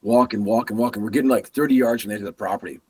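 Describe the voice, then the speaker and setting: A man on a podcast telling an animated hunting story, acting out the lines of the people in it. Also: on the low side, very fast, slightly rough. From Massachusetts. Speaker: podcast guest.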